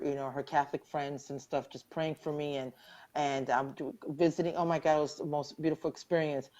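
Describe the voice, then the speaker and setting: A woman's voice: low voice, warm tone, highs cut off. A middle-aged woman earnestly sharing her personal story as a cancer survivor in a live online interview, often repeating phrases for emphasis.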